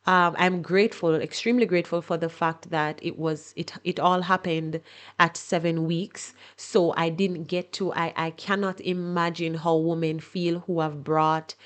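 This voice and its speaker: A woman's voice: lowish voice, steady tone, normal speed. Candid woman sharing a painful story. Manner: emotional, candid, repeats words when searching. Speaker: podcast host. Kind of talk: personal storytelling monologue.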